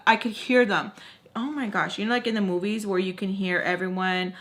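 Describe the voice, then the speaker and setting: A young woman recounts a dramatic episode in casual vlog storytime. Her voice is bright and forward. She talks in a loose, animated way, scattering "like" through each sentence. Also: mid-range voice, fairly quick. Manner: animated, heavy use of "like", acts out quotes. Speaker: vlogger telling a story.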